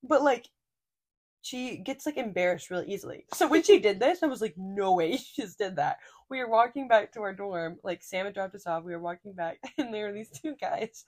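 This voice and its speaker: Chatting casually as a podcast co-host, a young woman rambles through stories with plenty of fillers and laughs. Her mid-range voice is a little mellow, with lively intonation and a fairly quick pace.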